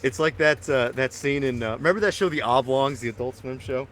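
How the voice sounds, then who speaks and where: A man's voice: medium pitch, a little fast, a bit bright, a little hiss or hum. A man co-hosting a podcast, telling rambling, profane stories and laughing often. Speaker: podcast co-host. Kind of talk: casual chat.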